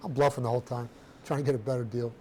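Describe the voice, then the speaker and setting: A middle-aged man telling his own story to a room of students in a blunt, streetwise, animated way, with casual slang. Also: medium pitch, racing, slight background noise. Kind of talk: personal storytelling talk to students.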